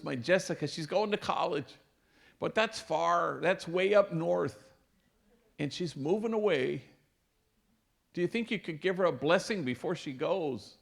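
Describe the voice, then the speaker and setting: Priest, 50s, slightly gravelly voice, easygoing storyteller at a lecture. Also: male voice, on the high side, lively intonation, measured pace. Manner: warm anecdotal storytelling with Spanish phrases. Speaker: priest and speaker. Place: lecture hall.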